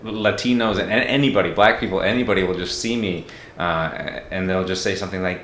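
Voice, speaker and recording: A man's voice: deep voice, normal speed, a bit bright, echoey room, slight background noise. A man from Mexico talking as a podcast guest, reflective and candid in a casual interview.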